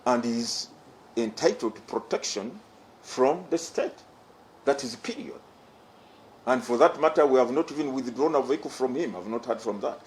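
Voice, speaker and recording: A middle-aged man with a Ugandan English accent delivers an official statement to reporters. His voice sits at an ordinary pitch and he speaks in a measured, formal way, stressing his points by saying them again. A faint hiss runs underneath. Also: lively intonation, poor audio. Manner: formal, emphatic, repeats key phrases. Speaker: electoral commission chairman. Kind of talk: press conference statement.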